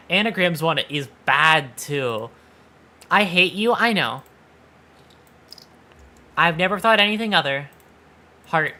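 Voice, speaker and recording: A man's voice: high-pitched, bright, forceful tone. A man streaming live, chatting casually and teasing his viewers, with playful swearing. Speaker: VTuber streamer.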